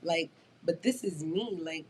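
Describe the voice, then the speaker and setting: A woman's voice: on the low side, unhurried, a little hiss or hum. Blunt, emphatic young woman. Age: 20s. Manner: blunt, emphatic, swears freely. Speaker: guest rapper. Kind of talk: casual podcast chat.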